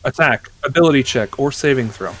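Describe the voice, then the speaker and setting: A man's voice: medium pitch, expressive, fairly quick, fairly bright tone, a little hiss or hum. Hesitant man running a tabletop game. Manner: hesitant, lots of fillers. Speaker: game master.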